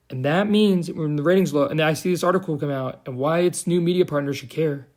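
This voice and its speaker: A man's voice: a little high, fairly quick, few pauses. A young man giving a heated, profane, sarcastic commentary rant as a vlogger. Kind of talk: ranting commentary.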